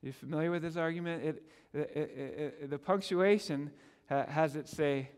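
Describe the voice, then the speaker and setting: A man preaching a sermon as pastor, earnest and animated, often stammering on repeated words as he pushes a point. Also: on the high side, moderate pace, smooth, long reverb tail.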